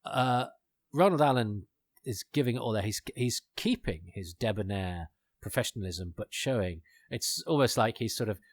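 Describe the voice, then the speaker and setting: A man's voice: lowish voice, no echo, clean studio sound. A man hosting a podcast, chatting casually and enthusiastically with lots of fillers and digressions. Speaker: podcast host. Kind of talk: casual commentary chat.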